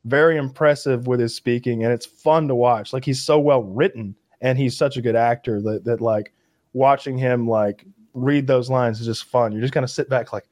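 A man from Kentucky chats in a rambling style, his growing enthusiasm producing fillers and false starts. His mid-range voice is steady and darkish, at a moderate pace. The recording is dry and close to the mic with no room echo.

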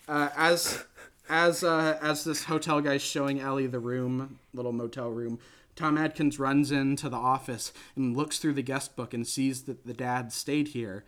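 On a podcast, a man gives a casual, rambling, animated recap of a film, slipping into silly voices for the characters. He speaks at a medium pitch and a moderate pace.

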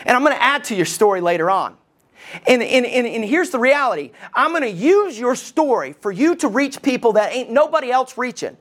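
A man preaching a sermon as lead pastor, animated, often asking the congregation questions. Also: extremely high pitch, fairly quick.

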